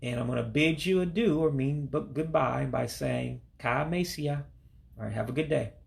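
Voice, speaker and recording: A man with a deeply gravelly, creaky voice talks through a casual language lesson at a middle pitch. He is patient and walks through each phrase slowly, then says it again fast. English is his first language. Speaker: language learner teaching vocabulary. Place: home in Alabama.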